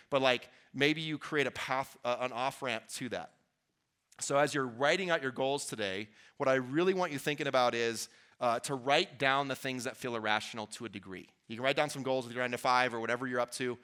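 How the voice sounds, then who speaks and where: A man's voice: mid-range voice, fairly bright tone, clean tone. A man giving an earnest, conversational motivational talk to a live audience as a workshop speaker, with restarts and asides to the crowd. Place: event venue before an audience.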